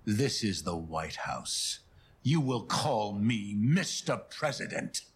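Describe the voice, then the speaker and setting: Southern US president, smooth and cold. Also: male voice, lowish voice, big pitch swings, slow, heavily acted. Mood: cold, commanding. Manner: smooth, condescending, commanding. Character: scheming male US president, cold and controlling. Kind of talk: TV drama acting.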